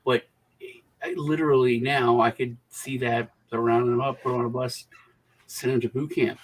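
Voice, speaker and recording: A man's voice: mid-range voice, flat delivery, moderate pace, poor audio. A man hosting a podcast panel, chatting casually and rambling, acting out the voices of people he quotes. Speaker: podcast host.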